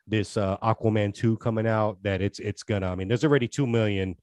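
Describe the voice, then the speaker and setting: A man's voice: fairly low pitch, steady tone, fairly quick, a little mellow, dry recording. Earnest rambling male podcast co-host. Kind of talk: casual chat.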